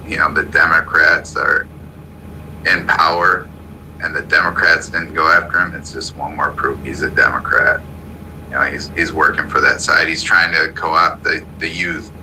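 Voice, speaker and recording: Male host with a very low, hard-edged voice; blunt live audio-room commentary full of restarts. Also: pushed and bright, a little hiss or hum, rough recording. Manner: blunt, repetitive, stumbling restarts. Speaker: show host.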